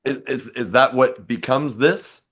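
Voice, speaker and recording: A male host asks questions in a casual interview. He stumbles and restarts as he asks. Between questions he gives short replies. His voice sits at an ordinary pitch for a man. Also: measured pace, fairly bright tone, breathy edge.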